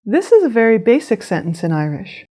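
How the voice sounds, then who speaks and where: Lively, high-voiced woman teaching a language. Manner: clear, measured instruction with careful pronunciation. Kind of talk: scripted lesson narration.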